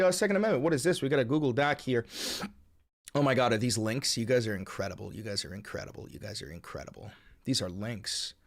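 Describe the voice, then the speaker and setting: A man hosting a live stream in casual chat, ranting excitably with a lot of swearing. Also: fairly high pitch.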